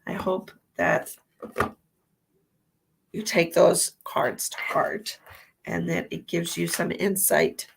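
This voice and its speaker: A woman's voice: lowish voice, level tone, slow pace, gravelly, long pauses, husky. A woman hosting a psychic livestream, giving tarot readings and chatting casually with viewers, with a stuffy nose from allergies. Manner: chatty, rambling, laughs at herself.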